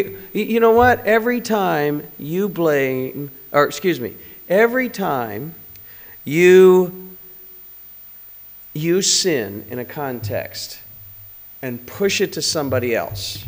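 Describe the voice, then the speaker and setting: A man's voice: fairly high pitch, animated, takes it slowly, long pauses, big-room sound. A man preaching a conversational sermon, full of rhetorical questions and direct appeals to the congregation.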